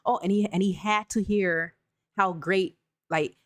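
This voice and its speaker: A woman's voice: fairly low pitch, fairly even intonation, measured pace, no room sound, clean studio sound. A woman hosting a live check-in, reading viewer comments and talking candidly and directly to her audience. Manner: candid, talks straight to viewers with "y'all". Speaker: channel host.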